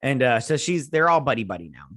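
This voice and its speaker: Guy rambling thru an episode recap, lots of ums and restarts, average pitch, dry sound. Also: sing-song, quick pace, a bit bright, no room sound. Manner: rambling, chatty, many fillers and restarts. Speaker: show host reviewing an episode. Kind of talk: casual recap and review.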